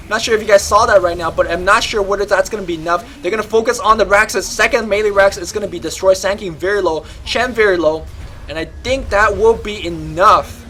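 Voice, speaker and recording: Male esports caster, high and sharp-toned, rapid excitable play-by-play. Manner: rapid, excitable, rising to shouts in fights. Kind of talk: live play-by-play game commentary.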